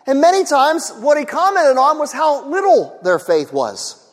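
A man's voice: very high voice, huge pitch swings, a little slow, long reverb tail. A male pastor preaching a sermon, earnest, repeating key phrases for emphasis.

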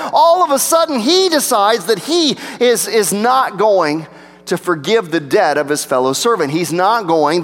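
A pastor preaching a sermon, rising for emphasis and dropping to a low hush. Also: male voice. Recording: long reverb of a large hall.

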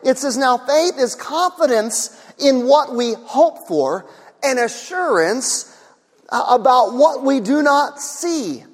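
A man's voice: very high voice, animated, takes it slowly, in a large hall. A male pastor preaching a sermon, earnest, repeating key phrases for emphasis.

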